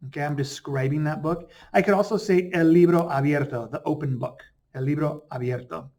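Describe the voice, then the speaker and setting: A man teaching a Spanish grammar lesson in a relaxed, chatty way, slowing down to pronounce example words. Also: on the high side. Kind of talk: casual explanatory lesson.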